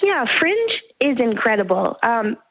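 A woman's voice: fairly high pitch, very animated, measured pace, dry recording. An upbeat woman chats as a guest on a live radio interview. Her voice comes through a narrow, tinny, phone-like line. The sound is dry and close, with no room around it. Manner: upbeat, friendly. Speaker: guest performer.

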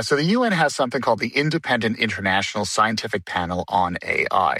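A man, a tech writer on a radio show, explaining news in an earnest, steady way. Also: lowish voice, no room sound. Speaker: tech columnist guest.

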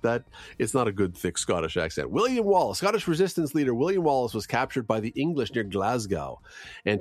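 On this morning radio program, a male host with a medium-pitched voice keeps things lively and conversational, slipping in jokes as he covers the news, gas prices and what happened on this day in history. There's no echo on the audio.

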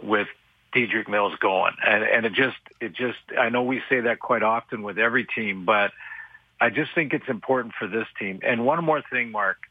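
A man talks football as a radio analyst, halting and circling back, often flagging his own sarcasm. His voice is husky and sits in a middle register. It comes through a dry, tinny phone line. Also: on the low side, no room sound. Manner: halting, restarts often, self-aware sarcasm. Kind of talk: radio sports talk.

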